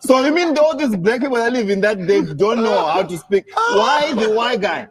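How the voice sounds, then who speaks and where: A man's voice: sits high, fairly quick, over a noisy crowd. A man in podcast banter, laying out his points emphatically and laughing between them.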